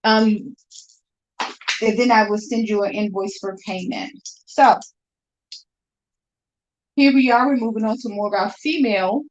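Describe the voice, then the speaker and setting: A woman's voice: mid-range voice, a little slow, long pauses. A woman selling her handmade bracelets on a live stream, chatty and upbeat as she talks straight to her viewers from home. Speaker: jewelry seller on a live stream. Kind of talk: casual live sales chat. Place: room at home. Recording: dull lo-fi stream audio.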